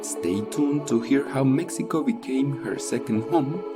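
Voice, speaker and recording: A man's voice: medium pitch, measured pace, loud music behind the voice. A man hosting a podcast, reading a scripted intro and welcoming his guest politely. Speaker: podcast host.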